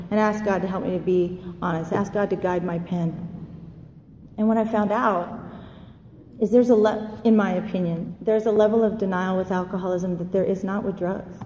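A woman telling her recovery story, animated, acting out the voices of people she quotes. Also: medium pitch, slight background noise. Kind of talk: personal testimony talk. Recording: roomy hall with long echo.

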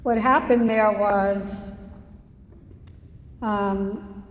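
A woman from Massachusetts shares her recovery story as a personal testimony talk, candid, self-mocking, and conversational. Her medium-pitched voice comes with a little hiss or hum, in an echoey hall with long reverb.

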